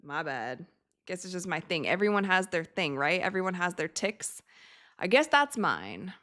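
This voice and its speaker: A woman's voice: fairly low pitch, big pitch swings, normal speed, sharp tone, no room sound, studio quality. A woman hosting a casual live-stream watch party from her home set, chatting, reading out viewer comments and laughing often.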